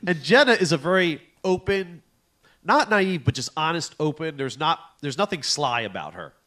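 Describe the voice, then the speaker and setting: A man co-hosting a comedy podcast, telling animated family stories in casual chat, laughing and swearing often. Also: fairly high pitch, normal speed. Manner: animated storytelling with profanity and laughter. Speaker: podcast co-host.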